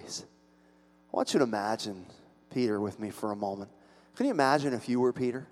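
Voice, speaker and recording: A pastor preaching a sermon, telling the story dramatically and swinging between loud and hushed. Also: male voice, mid-range voice, fairly even intonation, brisk, in a large hall.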